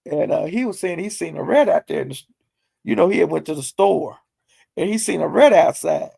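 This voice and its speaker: A man with a high, gravelly voice tells a gossipy recap of a livestream in loose, slangy talk. He is animated and breaks into laughter often. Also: fairly quick. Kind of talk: casual storytelling recap.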